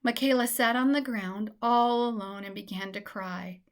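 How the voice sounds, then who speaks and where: A woman narrates a children's story with a gentle, expressive delivery. Her voice sits a little high for a woman, and her reading is clear and steady. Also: moderate pace.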